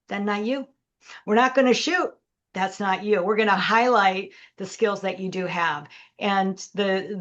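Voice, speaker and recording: A middle-aged woman, a leadership coach, telling a story as a podcast guest and acting out the dialogue. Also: medium pitch. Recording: dull lo-fi audio.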